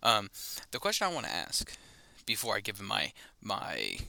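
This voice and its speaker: A man's voice: on the low side, wildly swooping pitch, normal speed, creaky, pushed and bright, no echo. A man co-hosting a casual sports podcast, rambling and correcting himself as he goes. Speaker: podcast co-host.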